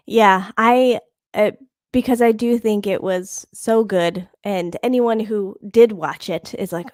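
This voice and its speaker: Female podcast co-host, mid pitch, chatty and laughing, dry recording. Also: slow, darkish tone, no echo. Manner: chatty, laughs often, searches for words. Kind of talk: casual chat.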